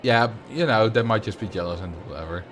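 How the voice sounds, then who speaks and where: A man's voice: on the low side, brisk, soft background music. A man streaming a park-building game, chatting casually and thinking aloud as he plays. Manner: relaxed, thinking aloud while playing. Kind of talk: casual gameplay commentary.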